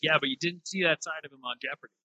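A man co-hosting a podcast in a temporary studio, chatting casually and dropping wry, crude deadpan jokes. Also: a little high, racing, rough recording. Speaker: podcast co-host. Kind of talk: casual chat.

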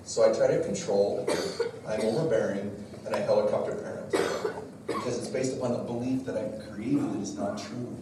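A middle-aged man giving a church talk to a live audience, telling lively stories that poke fun at himself. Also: on the low side, moderate pace, noisy background. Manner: lively storyteller, jokes at his own expense. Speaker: speaker at a church parenting talk. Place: large echoey room with a live audience. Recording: echoey hall recording from far off.

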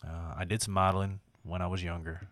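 A man voicing a lonely, slightly creepy 55-year-old man, reading a personal ad aloud in a slow, low-key, lingering drawl. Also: level tone, fairly bright tone, slight background noise.

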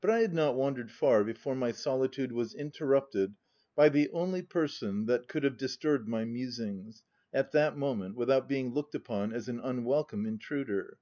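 A volunteer audiobook reader, a man with a mid-range voice, narrates a classic novel in an even, measured way. The recording is dull and lo-fi.

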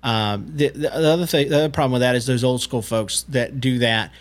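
A man's voice: mid-range voice, brisk. A man in his thirties co-hosting a casual parenting podcast, talking earnestly and explaining his views with frequent restarts. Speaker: podcast co-host.

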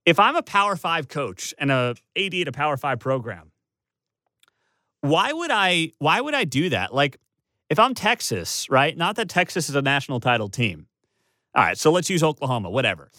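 A man's voice: fairly high pitch, sing-song, normal speed, pushed and bright, dry recording, clean studio sound. A man giving opinionated college football commentary as a sports talk host, emphatic and sarcastic, piling up rhetorical questions.

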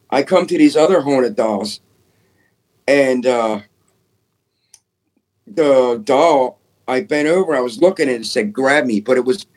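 A man, a paranormal investigator guest, telling his encounters in an excitable, casual way, full of "dude" and "man" and some swearing. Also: mid-range voice. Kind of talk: casual storytelling.

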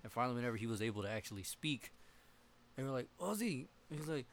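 A man's voice: mid-range voice, very fast, slight background noise. Profane young man telling stories. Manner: profane, laughing, animated storytelling. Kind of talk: casual chat among friends.

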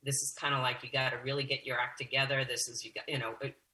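A woman who teaches yoga, a guest on a radio show, telling a story in an earnest, animated way. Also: very deep voice, fast talker, rough recording.

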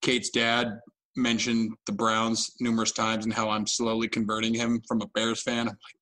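A man's voice: on the low side, monotone, normal speed, pushed and bright, low-quality recording. A young man co-hosting a podcast, telling a story in a casual, self-mocking way. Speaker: podcast co-host. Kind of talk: casual chat.

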